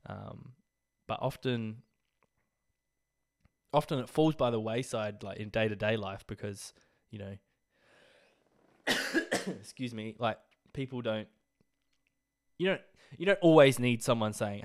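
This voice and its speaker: A man's voice: medium pitch, unhurried, long pauses. A young Australian man hosting a casual solo podcast, rambling and swearing, full of fillers, coughing a little as he gets over an illness. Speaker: podcast host.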